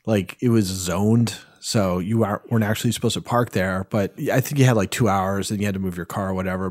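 A man on a podcast panel, telling a long anecdote in a relaxed, rambling way. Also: fairly low pitch, no room sound, clean studio sound. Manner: laid-back rambling storyteller. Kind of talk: casual storytelling chat.

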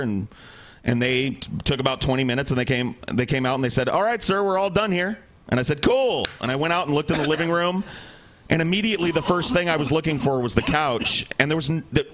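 A man's voice: mid-range voice, a bit bright. A man on a podcast telling a rambling, exasperated story in casual chat, acting out the people he quotes. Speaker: podcast co-host.

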